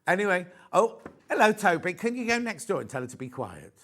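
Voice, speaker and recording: A Yorkshire man fronts a live shopping broadcast, gushing over each item and wandering off into chatty asides. His voice sits a little on the high side. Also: big pitch swings, fairly quick, fairly bright tone. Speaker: shopping channel presenter. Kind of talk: live sales chat. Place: TV studio.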